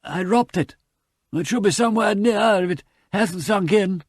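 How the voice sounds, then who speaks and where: Lord Peter, voiced by a man as a breathless gentleman. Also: high voice, normal speed, no room sound, clean studio sound, pitched above the performer's own voice. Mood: breathless apology. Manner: clipped upper-class, breathless. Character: Lord Peter, male aristocrat, apologetic, stuck in bog.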